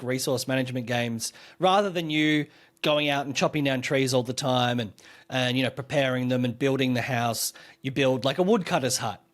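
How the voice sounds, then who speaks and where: A man, co-hosting a podcast and talking through a game in a rambling, enthusiastic way. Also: mid-range voice. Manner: rambling, filler-heavy, enthusiastic explaining. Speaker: podcast co-host. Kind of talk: casual podcast chat reviewing a game.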